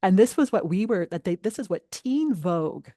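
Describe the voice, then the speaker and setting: A middle-aged woman guest on a parenting interview, speaking earnestly and emphatically, growing animated when upset. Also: mid-range voice, moderate pace, dry recording, clean studio sound. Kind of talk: podcast interview.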